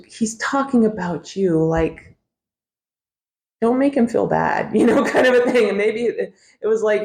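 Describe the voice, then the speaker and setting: A middle-aged woman hosting a podcast tells a personal story candidly and wryly, in an unhurried, medium-pitched, slightly mellow voice. She swears freely and laughs often.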